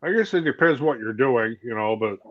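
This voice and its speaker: A man with a Midwestern accent co-hosting a livestream, relaxed and joking as he reads out viewer comments. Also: medium pitch, fairly quick. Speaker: livestream co-host. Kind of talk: casual livestream chat. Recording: muffled lo-fi mic.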